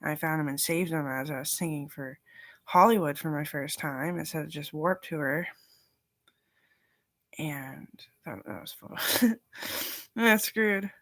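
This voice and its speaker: A young woman talking in a rambling casual monologue, meandering and swearing, and now and then dropping into a soft whisper. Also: sits low, slow pace, pauses often, no room sound. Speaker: vlogger.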